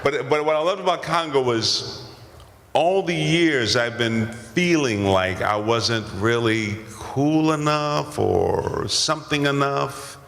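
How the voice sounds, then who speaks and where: An older actor telling stories at a convention Q&A, rambling and self-deprecating with many restarts. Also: male voice, medium pitch, slow pace, gravelly, a bit bright. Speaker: guest actor. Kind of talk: convention Q&A storytelling. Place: large convention hall. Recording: convention hall with long reverb.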